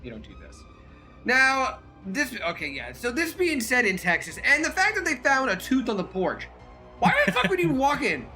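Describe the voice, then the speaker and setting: A man's voice: very high-pitched, wildly swooping pitch, moderate pace, bright, forceful tone, soft background music. A man co-hosting a podcast in casual chat, blunt, sarcastic and profane. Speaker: podcast co-host.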